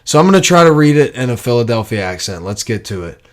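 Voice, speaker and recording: A man's voice: medium pitch, very animated, fast talker. A young man hosting a podcast, rambling and joking through sponsor reads. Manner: rambling, joking, self-mocking. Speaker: podcast host. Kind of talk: casual podcast talk and ad reads.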